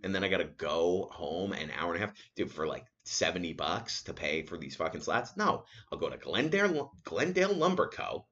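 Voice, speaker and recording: The sound is lo-fi, and the young man's low voice moves at a moderate pace with hardly any pauses. Hosting his solo podcast, this New York area resident spins profane, rambling tales and acts out what others said with lively flair.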